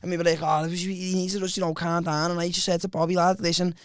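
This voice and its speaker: Male co-host, quick and halting storyteller. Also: sits high, little pitch movement. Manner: halting, restarts sentences often. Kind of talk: casual group banter.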